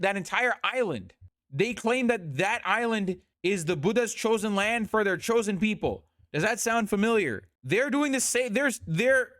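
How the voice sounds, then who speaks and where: A man streaming a heated reaction, talking fast and repeating himself. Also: sits high, a bit bright, no echo, clean studio sound.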